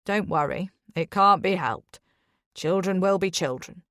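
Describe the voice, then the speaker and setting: A woman's voice: on the low side, a little slow, fairly bright tone, no echo, clean studio sound. A woman doing a curt husband. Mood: dismissive. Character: brusque middle-aged husband, dismissive.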